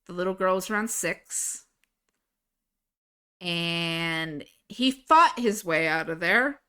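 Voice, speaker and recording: A young adult woman streamer in casual chat, excitable, swearing and laughing often as she talks about her own story. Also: fairly low pitch, slow, smooth. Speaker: livestreamer.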